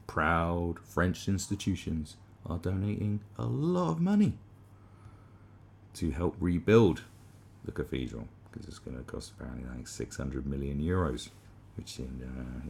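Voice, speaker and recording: A man with a deep, gravelly voice riffs through a sarcastic comedy monologue. His pitch swings widely as he mocks, and he often restarts his sentences mid-thought. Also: a little mellow. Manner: sarcastic, rambling, with frequent restarts. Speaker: commentary host.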